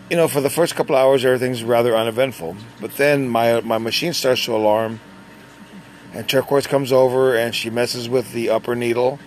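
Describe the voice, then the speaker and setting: A man telling a personal story in a casual, conversational way, pausing and restarting as he goes. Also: medium pitch, slight background noise. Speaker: dialysis patient.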